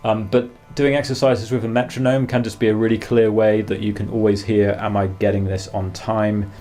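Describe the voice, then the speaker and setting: A man giving a guitar masterclass, calmly explaining practice exercises and counting beats aloud between demonstrations. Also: on the low side, normal speed, slight background noise. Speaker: guitar teacher. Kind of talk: masterclass instruction. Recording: faint guitar music behind. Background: guitar playing.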